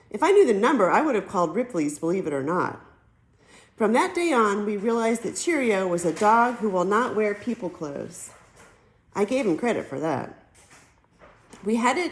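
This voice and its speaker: Female audiobook narrator for a kids' novel; animated, wide-ranging delivery. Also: mid-range voice, low-quality recording. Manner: lively storytelling, switches into character voices. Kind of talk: reading a children's novel aloud.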